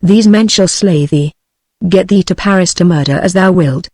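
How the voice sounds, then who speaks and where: A computer-generated British woman's voice reading the lines of a proud, imperious young woman from an old novel, in an even machine tone. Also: on the low side, moderate pace, no echo, clean studio sound, lightly acted. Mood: scornful. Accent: British English. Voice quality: flat synthetic reading.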